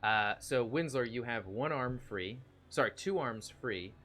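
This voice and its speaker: A man's voice: medium pitch, lively intonation, a little slow, fairly bright tone, a little hiss or hum. A man narrating as game master, with many fillers and restarts.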